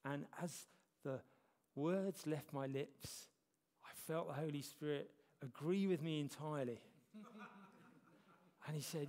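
Gravelly man preaching in a hall. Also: fairly high pitch, a little slow, long pauses, darkish tone. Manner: conversational, self-deprecating humor. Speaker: church elder preaching. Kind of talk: sermon. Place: church hall. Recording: long reverb of a church hall.

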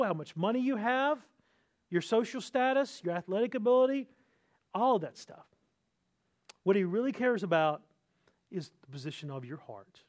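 A man's voice: sits high, a little mellow. A man, a pastor, preaching an earnest expository sermon with emphatic, repeated phrases.

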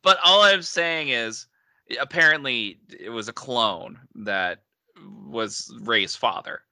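A man's voice: medium pitch, slow, pushed and bright, dry recording. A man from New England with a Mid-Atlantic accent, co-hosting a casual chat full of laughing banter.

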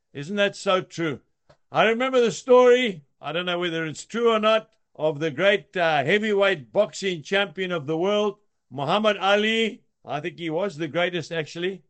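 A man's voice: high-pitched, a little slow. A man giving a short daily devotional, telling anecdotes with chuckles. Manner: warm storytelling with chuckles. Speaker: devotional speaker.

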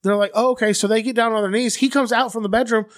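A man with a high voice tells a story loosely and crudely, with plenty of fillers and playful quoted voices. The sound is close and dry, with no room echo. It is a casual podcast chat. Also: fairly even intonation, quick pace. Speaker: podcast co-host telling a true-crime story.

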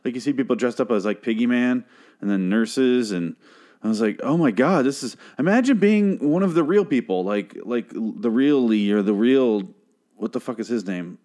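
A man's voice: mid-range voice, lively intonation, normal speed, dark tone. Ranting young man recapping a show. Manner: ranting, profane, exasperated.

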